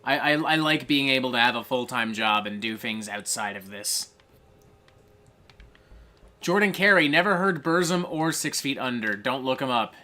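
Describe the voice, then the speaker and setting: A streamer hosting a casual live gameplay stream, swearing a lot, breaking into excitable rants and reading viewer chat aloud. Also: mid-range voice, normal speed. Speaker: streamer host.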